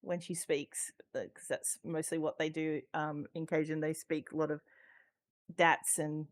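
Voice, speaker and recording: A woman's voice: deep voice, flat delivery, moderate pace, darkish tone. An Australian woman chatting casually as a podcast guest, talking freely with lots of ums, swearing and laughter. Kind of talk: casual chat.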